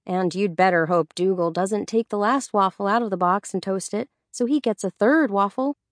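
A woman voicing a stressed older sister who barks sharp orders at her siblings. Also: mid-range voice, moderate pace, dry recording, clean studio sound, close to an everyday voice. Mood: bossy firm. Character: bossy, stressed older sister running the household.

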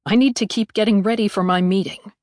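A woman's voice: mid-range voice, steady tone, a little fast, a little mellow, no echo, studio quality, natural voice. A woman reading an audiobook, voicing a stiff, formal male ambassador who speaks curtly.

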